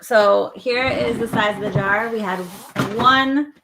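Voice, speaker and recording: A woman's voice: on the high side, slow pace, vocal fry, background noise. A woman co-hosting a casual live stream, chatting and reading out lists of viewer guesses. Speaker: livestream co-host.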